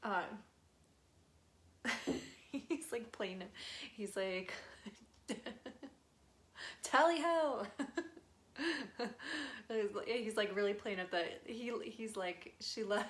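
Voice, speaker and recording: A woman's voice: medium pitch, fairly even intonation, slow pace. A young adult woman, a spirit medium, chatting through a live channeling session, relaying messages with lots of fillers and giggles.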